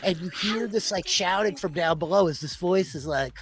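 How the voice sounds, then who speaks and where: A woman's voice: lowish voice, normal speed, hardly any pauses, husky, no echo. Woman game master, loose chatty narration. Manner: casual, rambling, lots of fillers. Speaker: dungeon master.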